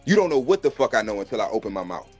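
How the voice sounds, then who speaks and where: Brash, profane man with husky voice. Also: fairly low pitch, very animated, rapid-fire, faint music behind. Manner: brash, swaggering, profane, acts out other voices. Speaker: live stream host. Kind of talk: profane casual storytelling rant.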